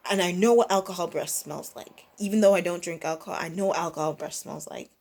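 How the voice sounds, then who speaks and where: Speaking fast in a darkish tone, this young woman vlogger rambles through a casual story. She cuts herself off, starts sentences over, and imitates others with sudden high, squeaky bursts.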